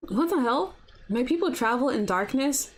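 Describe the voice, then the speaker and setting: A woman's voice: high-pitched, animated, moderate pace. A young woman hosting a casual breakfast livestream from her apartment. She chats freely, fills her talk with "like", and answers viewers' comments as they come in. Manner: chatty, lots of "like" fillers, reads and answers comments. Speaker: livestream host. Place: home apartment.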